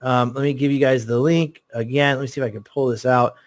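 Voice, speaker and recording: Fast-talking man hosting a sales webinar. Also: mid-range voice. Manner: rambling, excitable storytelling with many fillers. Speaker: webinar host selling a course. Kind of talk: live sales webinar pitch.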